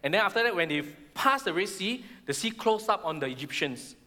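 Male pastor, middle-aged, high bright voice, lively sermon, big church reverb. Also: brisk. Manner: animated, acts out the Israelites' complaints in high voices. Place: church hall. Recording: long hall reverb.

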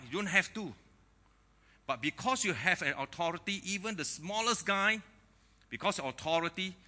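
A man preaching a sermon to a congregation, lively and joking, laughing at his own asides. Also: on the high side. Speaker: pastor.

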